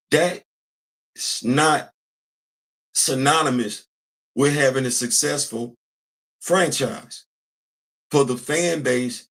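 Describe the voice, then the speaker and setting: A man who runs a commentary channel talks casually and with animation, repeating phrases and answering his own questions call-and-response style. His pitch is medium.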